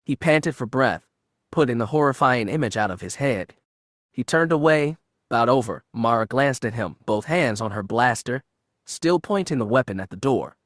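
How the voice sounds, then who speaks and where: A man narrating a space-adventure story in an even, measured storytelling manner. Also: medium pitch, no room sound, clean studio sound. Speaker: audiobook narrator. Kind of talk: audiobook narration of fan fiction.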